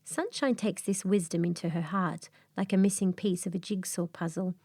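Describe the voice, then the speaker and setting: A woman narrating a calm bedtime fairy tale in a soft, slow, soothing way, sometimes dropping to a whisper. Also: on the low side, no echo, studio quality. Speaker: storyteller.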